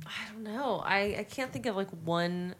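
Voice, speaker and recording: A woman's voice: mid-range voice, moderate pace, fairly bright tone, slight background noise. A woman in casual family chat, rambling and full of "like" as she thinks aloud. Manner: rambling, many likes. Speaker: family member.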